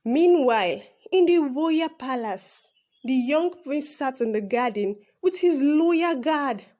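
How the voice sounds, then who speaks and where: A woman's voice: high-pitched, animated, slow pace, dark tone, muffled recording. A woman narrating a children's folk tale and shifting her voice for each character. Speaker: storyteller.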